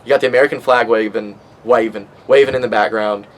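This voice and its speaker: A man's voice: mid-range voice, fairly even intonation, quick pace, rough recording. A man in his twenties hosting a podcast, rambling casually with lots of swearing and fillers, stoned. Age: 20s. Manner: profane, rambling, with many fillers. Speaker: podcast host.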